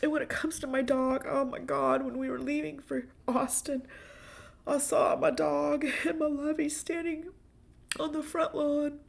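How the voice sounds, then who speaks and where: A woman's voice: high voice, little pitch movement, a little slow, vocal fry. A woman hosting a personal monologue podcast, talking candidly in a rambling way and swearing freely. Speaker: podcast host.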